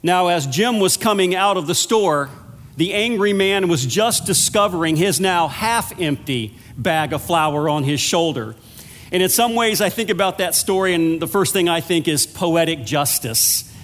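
A man with a notably high voice delivers a sermon, earnest and conversational like a storyteller. His words ring out with a long reverb from the church hall around him. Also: lively intonation, measured pace, a bit bright. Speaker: minister of pastoral care.

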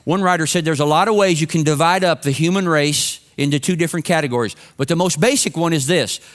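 A man's voice: a little high, fast. A man preaching a sermon to his congregation in a conversational, humorous storytelling way. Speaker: pastor. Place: church sanctuary with congregation.

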